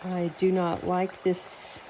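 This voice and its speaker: Mellow and lowish, her monotone voice takes things slowly as she chats through her cooking. She's a Southern-accented vlogger, New Mexico-born and mostly Texas-raised, who rambles with fillers and restarts; the rough recording has slight background noise.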